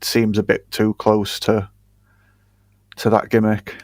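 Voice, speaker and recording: A man's voice: lowish voice, completely flat delivery, slow, darkish tone, no room sound, clean studio sound. A man from England with an English accent, a guest chatting casually about wrestling, blunt and given to swearing and laughing.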